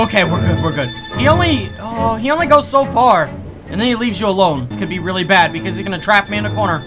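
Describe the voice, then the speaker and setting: A young man commentating a horror game let's play, excitable and jumpy, rambling through self-corrected asides and yelping when startled. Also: high-pitched, fast, music in the background. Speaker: gaming YouTuber.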